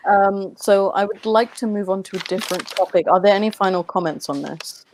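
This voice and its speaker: A woman who teaches, hosting a casual panel discussion, blunt and quick to swear, laughing between points. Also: mid-range voice, fairly even intonation, noisy background. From London. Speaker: round table host.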